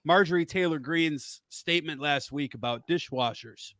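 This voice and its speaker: A man's voice: fairly high pitch, normal speed, a bit bright, dry recording, studio quality. A man hosting a casual podcast chat, sarcastic and teasing. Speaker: host.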